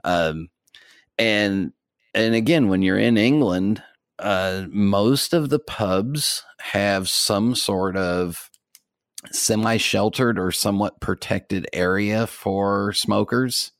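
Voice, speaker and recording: An American man with a very low voice, chatting on a podcast. He rambles along with lots of fillers and soft chuckles. The sound is dry and close. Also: slow pace, dry recording. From United States. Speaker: podcast co-host. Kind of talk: casual podcast chat.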